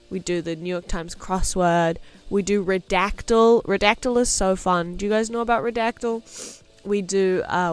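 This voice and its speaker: Chatty New woman streaming as she draws. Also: mid-range voice. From New Zealand. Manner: chatty and self-mocking, muttering to herself while working. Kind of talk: casual live-stream chat while drawing.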